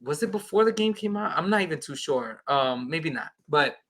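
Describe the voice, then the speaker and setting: Bright-voiced man telling a story. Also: fairly high pitch, moderate pace. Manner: excited storytelling, acting out quoted dialogue. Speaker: podcast guest. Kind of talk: casual anecdote on a podcast.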